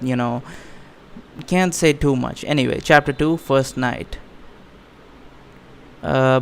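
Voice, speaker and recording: A man hosting a let's play of a text game, reading it aloud and thinking out loud in a casual, profane way. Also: medium pitch. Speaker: gaming channel host.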